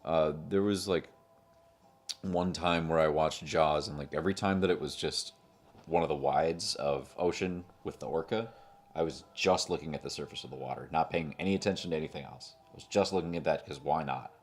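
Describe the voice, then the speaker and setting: A man's voice: rumbling low, brisk, soft background music. A young man co-hosting a casual movie chat, rambling with lots of fillers and restarts and joking around. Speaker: podcast co-host.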